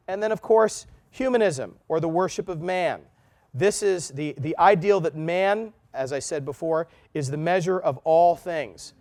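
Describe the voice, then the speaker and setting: A middle-aged man teaching a recorded history lesson in an earnest, measured lecturing manner. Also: on the high side.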